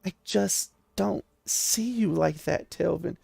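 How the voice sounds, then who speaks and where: A man's voice: sits high, takes it slowly, gravelly, a little mellow, slightly rough, no echo, clean studio sound, voice pushed up, heavily acted. A man voicing a cool, blunt woman fighter. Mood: firm.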